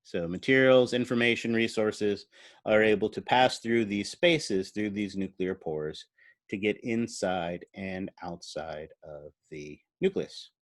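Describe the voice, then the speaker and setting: A man's voice: on the low side, a little slow, dry recording, studio quality. A man giving a recorded university biology lecture. He explains step by step while drawing, thinks aloud, and asks the class playful questions.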